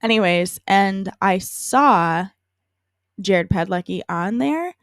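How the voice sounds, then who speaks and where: A woman's voice: medium pitch, expressive, takes it slowly, dry recording. A woman in her late twenties, co-hosting a podcast in easygoing, rambling chat and laughing easily. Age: 20s. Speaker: podcast co-host. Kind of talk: casual chat.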